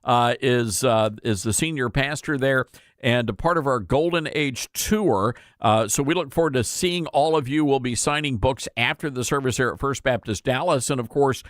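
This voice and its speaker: A man hosting a talk radio show, joking and chatting in an animated way. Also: mid-range voice, moderate pace, no room sound, clean studio sound.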